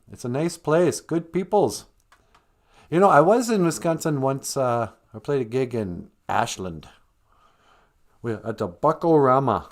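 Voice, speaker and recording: A man's voice: mid-range voice, expressive, unhurried. A man hosting a livestream, chatting casually from home in a rambling, joking way. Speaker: livestream host. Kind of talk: casual chat.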